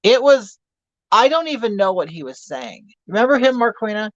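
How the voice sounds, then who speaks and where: With big pitch swings and a fairly bright tone, his voice sits high and moves at normal speed. He is a man in his fifties running a campy, gossipy livestream, welcoming viewers, reading comments and joking crudely. The audio is muffled, without echo.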